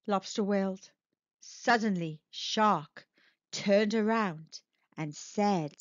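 A woman reading a picture book aloud to young children, gentle, sing-song and expressive. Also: a little high, takes it slowly, no room sound. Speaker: children's storytime reader. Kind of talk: slow expressive read-aloud for young kids. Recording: dull lo-fi dry recording.

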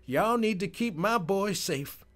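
A man's voice: high-pitched, animated, a little slow, fairly bright tone, soft background music, voice pushed up. A man voicing a worried, churchgoing old grandmother who frets and pleads over her grandson. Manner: fretful, pleading, prayerful.

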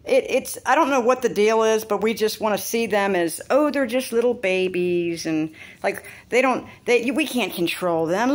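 Woman, casual vlog, chatty storytelling, animated, phone-recorded. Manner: chatty, animated retelling, voices others in squeaky tones. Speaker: vlogger. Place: outdoors after a walk.

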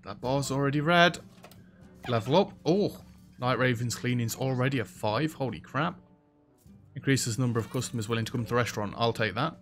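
A man giving casual, chatty commentary as he plays a restaurant sim, reacting loudly to what happens in the game. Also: mid-range voice, brisk. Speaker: let's play host. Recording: faint background music.

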